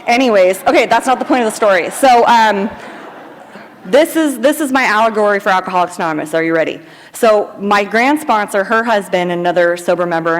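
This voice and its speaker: A woman from Sacramento, California telling her recovery story to a live audience, chatty and informal, with lots of "like" and "um". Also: lowish voice. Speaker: AA speaker. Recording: long hall reverb at a live event.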